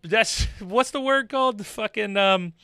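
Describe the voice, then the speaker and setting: A man's voice: high voice, a little slow, sharp tone, clean tone, dry recording. A man giving sarcastic, laughing commentary on a video he is reacting to.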